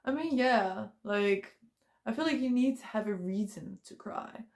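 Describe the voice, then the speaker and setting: A young woman talks straight to her viewers in a loose, chatty way. She uses lots of fillers and speaks openly about her feelings. Her pitch sits in the middle range for a woman. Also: a little slow, darkish tone. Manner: chatty, filler-heavy, emotional and open. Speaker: vlogger. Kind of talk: casual personal talk to camera.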